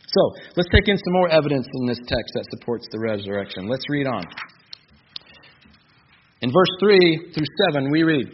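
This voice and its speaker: A man's voice: medium pitch, sing-song, normal speed. A man preaching an expository sermon, stressing key phrases by repeating them. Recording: dull lo-fi recording with faint noise.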